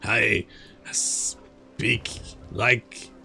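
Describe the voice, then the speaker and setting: A man's voice: on the low side, steady tone, extremely slow, creaky, sharp tone, husky, full character voice. A man putting on a mock-sinister vampire voice for an evil male vampire lord, slipping toward French. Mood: gloating. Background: game music.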